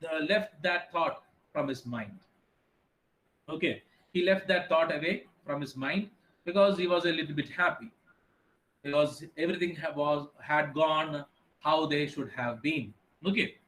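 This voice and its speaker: Man, online teacher, high voice, reads the story then explains it with lots of uhs. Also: fairly bright tone, echoey room, poor audio. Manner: reads passages then explains with many fillers.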